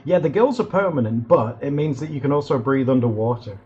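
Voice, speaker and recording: A man streaming live while drawing, chatting excitably and rambling with lots of fillers in a slightly husky voice. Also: medium pitch, fairly quick, dull audio, soft background music.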